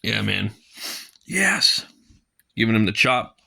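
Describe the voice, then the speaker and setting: Man, casual comic review, rambling with fillers, low-pitched, bright forceful voice. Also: big pitch swings, slow, vocal fry, husky. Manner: rambling, many fillers, reads dialogue aloud and laughs at it.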